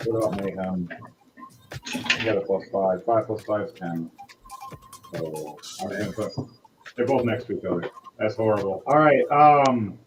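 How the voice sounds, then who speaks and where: A man running a tabletop game as game master, narrating scenes in a casual, lively way with asides. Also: fairly low pitch, unhurried, long pauses, over music, low-quality recording.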